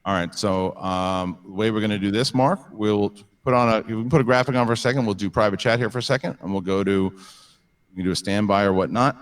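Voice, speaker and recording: A man hosting and refereeing a live-streamed trivia match, ruling on challenges in a brisk, rapid-fire way that repeats key phrases. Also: fairly low pitch, far from the mic.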